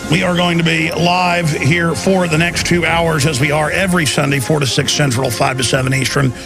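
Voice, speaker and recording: A man's voice: on the high side, steady tone, normal speed, over music. A man hosting a talk radio show, ranting intensely in a combative political monologue.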